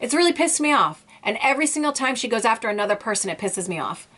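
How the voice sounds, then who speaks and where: A woman delivers an indignant, emphatic vlog rant, circling back and repeating herself to drive each point home. Her voice sits a little high for a woman. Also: very animated, fast, fairly bright tone. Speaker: YouTube vlogger. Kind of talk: ranting commentary vlog.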